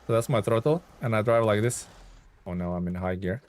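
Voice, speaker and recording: Excitable man chatting on a game stream. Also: fairly low pitch, a little fast. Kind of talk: casual live-stream chat while playing.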